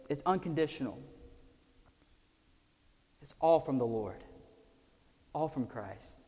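A man preaching a sermon, swinging from loud emphasis down to hushed, almost whispered lines. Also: medium pitch, expressive, takes it slowly, long pauses. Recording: long hall reverb.

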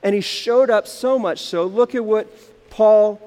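A man with a high voice preaches a sermon to his congregation, and his words ring out with a long echo through a large hall. He tells the story with life, acting out the voices and dropping from loud to hushed. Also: measured pace. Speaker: pastor.

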